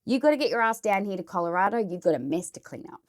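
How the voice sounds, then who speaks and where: A woman's voice: mid-range voice, sing-song, fast, lightly acted. A woman voicing an angry, controlling man who barks curt, dismissive orders in her own everyday voice. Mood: demanding.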